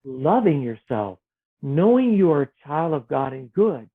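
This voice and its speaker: A man speaks gently and earnestly about faith, his fairly high voice rising and falling in lively swings. He sometimes acts out the voices in his head. The sound is thin and tinny, like a phone line. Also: measured pace, vocal fry. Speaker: author guest. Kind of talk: reflective spiritual conversation.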